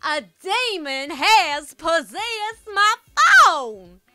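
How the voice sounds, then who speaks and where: A woman's voice: extremely high pitch, animated, extremely slow, bright, forceful tone, dry recording, voice pushed up, heavily acted. A woman voicing a frantic female customer from the American South, with a thick Southern Alabama accent, almost screaming. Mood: panicked.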